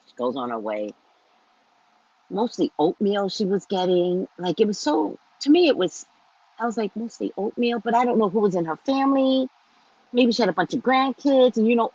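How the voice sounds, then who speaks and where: A middle-aged woman hosting her own show, telling a story to viewers in a chatty, animated way with asides and the odd swear word. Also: mid-range voice, slightly rough, dry recording, lo-fi sound. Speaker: psychic reader and show host.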